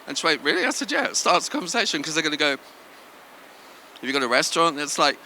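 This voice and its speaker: A man's voice: on the high side, big pitch swings, quick pace, pauses often, pushed and bright, a little hiss or hum. A man speaking at a business conference, chatty and self-deprecating, telling anecdotes to the audience. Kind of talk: live conference talk. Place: event venue.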